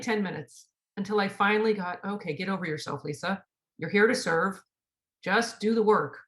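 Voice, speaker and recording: A woman's voice: medium pitch, a bit bright. A middle-aged woman hosting a spiritual talk, telling a personal story in an earnest way and acting out the dialogue. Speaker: spiritual teacher and host.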